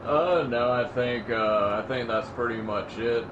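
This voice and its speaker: A man's voice: medium pitch, measured pace, fairly bright tone, dull audio. A man co-hosting a casual podcast chat, hesitant and rambling, full of fillers. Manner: hesitant, many fillers and restarts. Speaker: podcast co-host. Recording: audible background noise.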